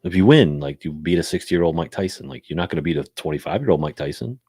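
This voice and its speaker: A man's voice: low voice, expressive, fast, a little mellow, slightly rough, dry recording, clean studio sound. A man co-hosting a podcast, talking in an emphatic, profane, opinionated casual chat. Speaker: podcast co-host.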